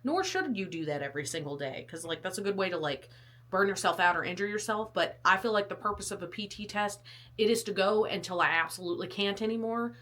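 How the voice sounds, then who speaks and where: Talking quickly in a mid-range, fairly bright voice, a young woman chats in a casual vlog about her fitness test. She rambles and pokes fun at herself, coughing and short of breath.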